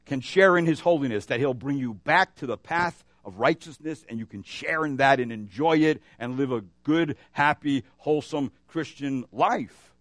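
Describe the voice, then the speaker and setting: Animated male pastor preaching a sermon. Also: medium pitch, moderate pace, hardly any pauses, no echo, studio quality. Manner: animated preaching with rising emphasis and storytelling asides.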